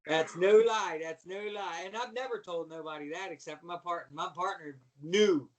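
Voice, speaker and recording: A middle-aged man, a former wrestler, telling stories as a guest in lively casual chat. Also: high voice, normal speed, crowd noise. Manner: animated storyteller, repeats "you know what I mean".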